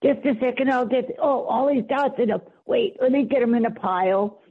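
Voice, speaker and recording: A woman in an improv comedy game, gushing with excitement. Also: fairly high pitch, normal speed, few pauses, husky. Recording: tinny phone-like sound.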